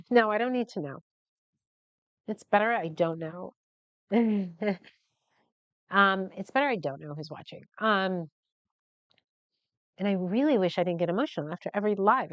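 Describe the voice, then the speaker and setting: A woman's voice: medium pitch, normal speed, long pauses, no room sound. A middle-aged woman, a photographer, giving an earnest, heartfelt motivational talk on a livestream. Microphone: camera mic at close range. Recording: dull, lo-fi and dry.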